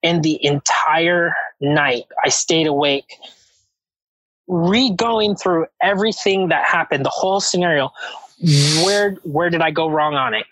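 A man speaking as a podcast guest, talking slowly and hesitantly with many pauses and restarts. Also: on the high side, fairly bright tone, no room sound, poor audio. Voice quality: halting, hesitant, reflective. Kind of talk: casual chat.

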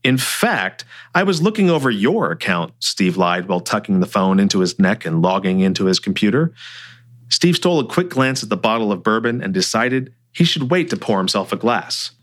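A man narrating his own book chapter aloud in an expressive, animated reading. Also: fairly low pitch, fairly quick. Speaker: author and narrator. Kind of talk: audiobook-style story reading.

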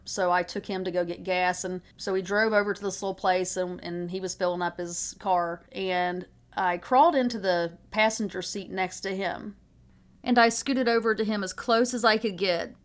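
A middle-aged woman speaks as a mother sharing a personal story. Her voice sits at a middle pitch. Her telling is earnest, reflective and openly emotional.

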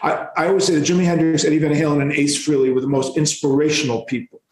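A rock musician telling tour stories in a casual, animated and profane way. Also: male voice, a little high, fast, echoey room, slight background noise, poor audio. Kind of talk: casual storytelling.

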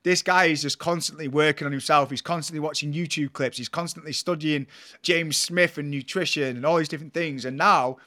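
A man's voice: fairly high pitch, fairly even intonation, fairly quick, bright, forceful tone. A man hosting a podcast, interviewing a friend in an upbeat, encouraging, slangy way. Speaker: podcast host.

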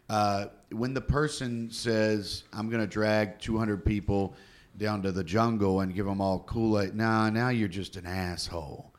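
A man co-hosting a casual chat, rambling and animated as he tells stories and laughs. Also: lowish voice, unhurried.

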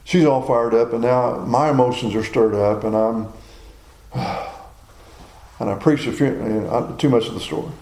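A man's voice: medium pitch, moderate pace, darkish tone, reverberant, low-quality recording. A man in his sixties preaching a sermon in a folksy, personal storytelling way. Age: 60s.

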